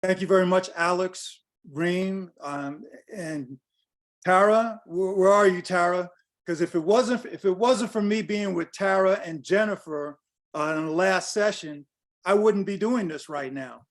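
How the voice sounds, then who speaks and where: Older man, high voice, blunt coaching talk, video call. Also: measured pace. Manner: blunt, direct, addresses audience with questions. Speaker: guest speaker on pricing.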